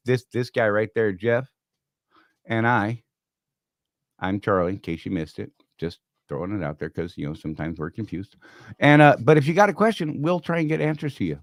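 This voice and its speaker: A man in his fifties hosts a live show, rambling and self-mocking in a loose, joking way. The room sounds dead and close, with no echo at all. His pitch sits squarely in the middle. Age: 50s. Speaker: podcast host. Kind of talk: casual live-stream chat.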